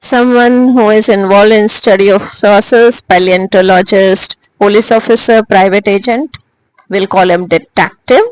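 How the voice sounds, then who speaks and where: A woman teacher, giving a recorded lesson slowly, with frequent hesitations and restarts. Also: medium pitch, steady tone, no echo, poor audio. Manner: slow and deliberate, with frequent "uh" and restarts. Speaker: English teacher.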